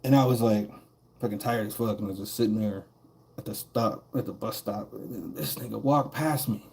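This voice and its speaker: A man's voice: lowish voice, fairly quick, gravelly, a little mellow. A man streaming a game and telling a long, rambling story in casual chat. He swears a lot and often chuckles as he talks. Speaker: gaming streamer.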